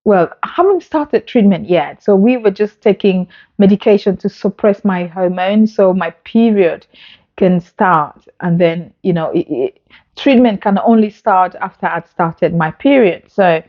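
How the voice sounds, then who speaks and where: A woman speaks straight to camera in a mid-pitched voice, telling her own story earnestly and with feeling. The sound is a little dull, as from a phone recording. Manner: earnest, emotional retelling with acted-out dialogue. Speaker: vlogger.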